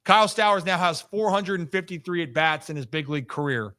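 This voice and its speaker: This is a man hosting a live baseball talk show, and his voice sits a bit high with a bright, ringing edge. He talks in a lively, animated way and teases his co-host as he goes. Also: brisk. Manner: energetic, animated, teasing. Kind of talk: casual sports talk show.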